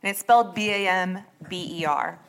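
A woman hosts a true crime podcast in relaxed, conversational chat. She rambles a little and stops to correct her own slips, keeping things loose and friendly. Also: lowish voice, normal speed. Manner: chatty, rambling, self-correcting. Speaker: podcast host.

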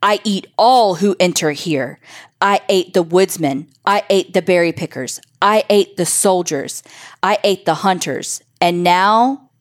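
A woman voicing a huge talking lion that eats trespassers, speaking slowly and menacingly. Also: lowish voice, natural voice. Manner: slow, menacing, roaring. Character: huge man-eating talking lion, fierce and hungry.

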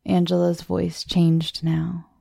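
A woman hosting a horror story show, reading the tale in a measured, scripted way. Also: on the low side, monotone, gravelly, warm tone, breathy edge, no room sound, studio quality. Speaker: horror story narrator, podcast host.

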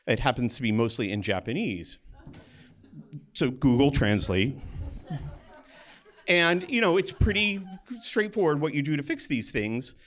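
Man telling a lively true story. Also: mid-range voice, measured pace, pauses often. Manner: animated, acts out the voices of others in his story; conversational, with small restarts. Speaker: storyteller, pediatric oncologist. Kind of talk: first-person stage storytelling.

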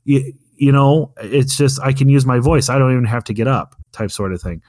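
A man's voice: medium pitch, fairly quick, darkish tone, no room sound, clean studio sound. A man in his thirties, a podcast co-host telling a story in casual chat, rambling with many fillers and restarts. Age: 30s.

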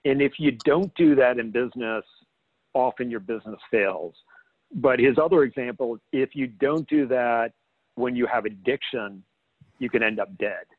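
A man's voice: medium pitch, normal speed, dry recording. A man speaking earnestly in a casual podcast roundtable, often hedging with "you know". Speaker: roundtable panelist. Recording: dry phone-like line.

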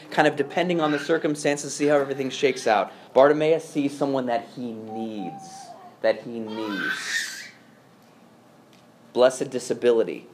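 A man preaching a sermon as pastor, earnest, swinging between quiet hushed passages and raised, emphatic lines. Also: mid-range voice, slight background noise. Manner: earnest preaching, dropping to a hush and rising with emphasis.

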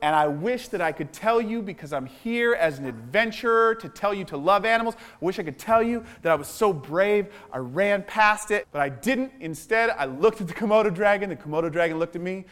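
A man speaking as a visiting children's author at a school assembly, telling an adventure story in a playful, animated way to the children. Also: high voice, a little fast, few pauses.

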